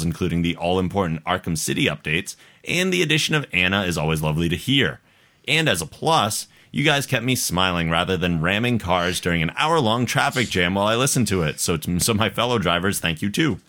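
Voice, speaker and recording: A man's voice: sits low, expressive, brisk, pushed and bright. A man hosting a casual podcast, reading a listener's email aloud, laughing often and stumbling over hard words. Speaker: podcast host.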